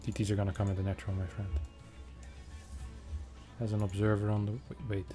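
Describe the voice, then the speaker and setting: Low-ish guy casting a strategy game, jokey and chatty, faint music behind. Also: flat delivery. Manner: chatty, joking, quick reactions. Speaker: esports caster. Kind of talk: casual game commentary.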